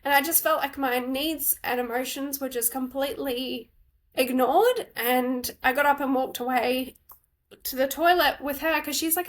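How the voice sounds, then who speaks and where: A woman co-hosting a podcast, telling a personal story in a tearful, candid, halting way with many fillers. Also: high-pitched. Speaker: podcast co-host. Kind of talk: emotional personal story in casual chat.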